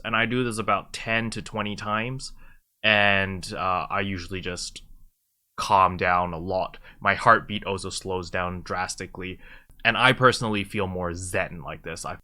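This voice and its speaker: A man's voice: lowish voice, bright, forceful tone. A man talking casually to viewers, explaining a simple relaxation habit with plenty of fillers and restarts. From lives in China. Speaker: YouTuber giving advice. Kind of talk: casual advice talk to camera.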